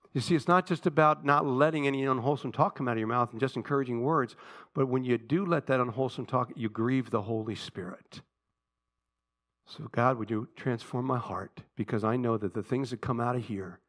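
A man's voice: lowish voice, fairly bright tone. A man preaching a sermon to his church, reading scripture and acting out pleading prayers with rising passion. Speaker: pastor.

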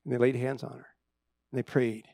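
Dry-sounding pastor preaching with swelling emphasis. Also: male voice, mid-range voice, little pitch movement, brisk, vocal fry, no room sound. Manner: storytelling with repeated words, swinging between loud emphasis and hushed drops. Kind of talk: sermon.

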